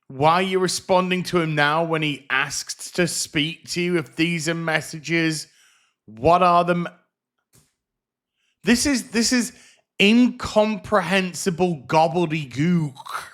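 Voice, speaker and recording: A man's voice: a little high, slow pace, a bit bright. Sarcastic man ranting. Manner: exasperated, sarcastic, profane. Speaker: TV show reviewer. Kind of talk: ranting commentary review.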